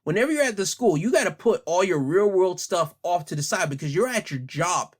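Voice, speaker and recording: A man's voice: high-pitched, animated, a little fast, husky. A man hosting an opinion podcast, heated and blunt, hammering the same rhetorical questions and speaking in casual slang while holding back his anger. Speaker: podcast host.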